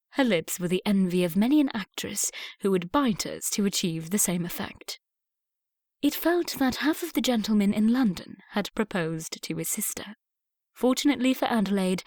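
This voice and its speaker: A woman's voice: medium pitch, darkish tone, dry recording, clean studio sound. Woman narrating a period romance audiobook. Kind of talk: scripted narration.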